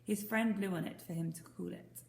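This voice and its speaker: A woman teacher reading a storybook aloud, gentle and asking the listeners questions. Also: lowish voice, fairly even intonation, normal speed, vocal fry. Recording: roomy echo.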